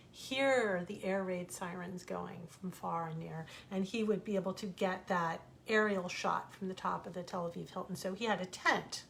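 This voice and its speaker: With some vocal fry and a fairly bright tone, a middle-aged American woman tells casual stories from home, acting out the people she quotes. Her voice sits in the mid-range, slight background noise is audible, and she's an author reading online.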